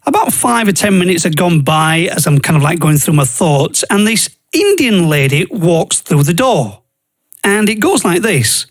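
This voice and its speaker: A man's voice: sits high, very animated, moderate pace. A man, hosting a podcast and earnestly telling a personal faith story in a plain, conversational way. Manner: earnest, conversational, uses regional grammar like "I goes". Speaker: podcast host.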